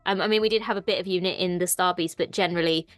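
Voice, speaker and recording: A woman's voice: on the low side, fairly even intonation, rapid-fire, no echo, faint music behind. A woman with an Irish accent co-hosting a casual TV discussion, chatty and enthusiastic. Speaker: co-host.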